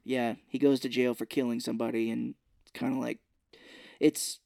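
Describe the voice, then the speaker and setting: Male podcast co-host for a lively, profane movie recap with a dry, close-miked sound. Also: moderate pace, vocal fry, dry recording. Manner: animated retelling, acts out characters' lines in high voices; swears freely. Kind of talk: casual movie recap chat.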